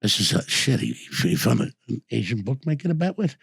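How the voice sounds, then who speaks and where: A man's voice: medium pitch, very animated, fairly quick, fairly bright tone. An older man telling rambling stories in casual talk, repeating "I says" and restarting his sentences. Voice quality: gravelly, husky. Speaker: host and former bookmaker. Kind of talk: casual storytelling.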